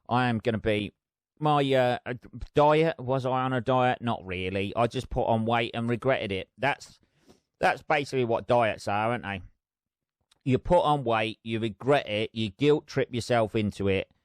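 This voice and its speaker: A man's voice: mid-range voice, unhurried, clear, resonant tone, no echo, studio quality. A middle-aged man hosting his own podcast, chatting in a rambling, sweary, self-mocking way. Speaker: podcast host. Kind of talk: casual solo podcast chat.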